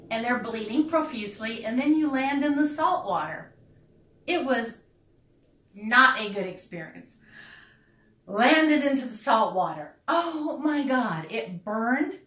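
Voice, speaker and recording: A middle-aged woman with a bright, forceful, fairly high voice tells a story in a casual, animated way. She laughs often and acts out the people in it. The room is echoey and she sits a bit back from the mic. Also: distant mic. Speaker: podcast host telling a personal story.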